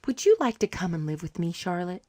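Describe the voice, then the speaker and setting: A woman reading as a soft, tender young lady. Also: lowish voice, animated, fairly quick, no room sound. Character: gentle, tender young woman, poor but loving. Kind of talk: audiobook reading.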